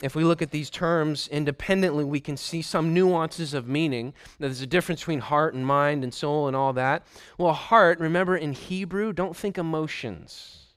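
A man preaching with an emphatic, deliberate delivery, driving home points through repetition. His voice sits a bit high and comes through smooth and clear. The sound is dry and close, with no room echo. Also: fairly bright tone. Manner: emphatic, repeats phrases for stress. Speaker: pastor. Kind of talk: sermon.

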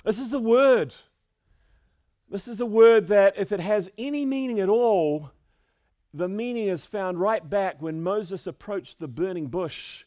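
A man preaching a sermon to a congregation, animated, swinging between loud calls and quiet asides. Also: high voice, measured pace. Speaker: pastor.

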